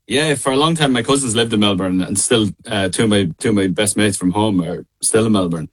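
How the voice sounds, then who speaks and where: A man with a middle of Ireland accent, a guest singer chatting casually in a radio interview over a call, relaxed, laughing often and full of fillers and restarts. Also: on the low side, a little fast. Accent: Irish, middle of Ireland. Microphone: call line.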